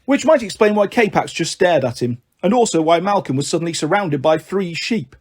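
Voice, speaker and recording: A man reading a children's book aloud, narrating and voicing many characters with lively expression. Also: on the high side, moderate pace, husky. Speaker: storyteller.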